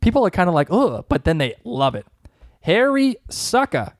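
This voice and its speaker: A man's voice: fairly high pitch, sing-song, fast, darkish tone, dry recording, studio quality. A young man from Massachusetts with a Massachusetts accent, co-hosting a podcast in casual chat and laughing often. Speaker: podcast co-host.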